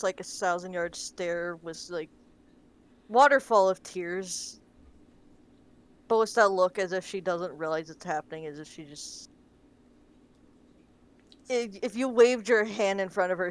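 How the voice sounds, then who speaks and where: A woman playing in a tabletop game, describing her character softly with many "like"s. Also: lowish voice, a little slow, pauses often, clean tone. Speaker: player. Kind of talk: casual tabletop role-play.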